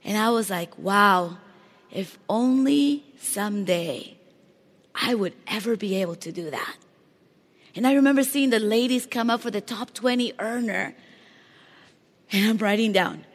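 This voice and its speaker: A high-pitched woman delivers an excited motivational speech from a stage. She talks straight to the crowd and keeps asking them questions. Her voice rings out with a long reverb through a large hall. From Latin America. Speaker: motivational speaker at a company event.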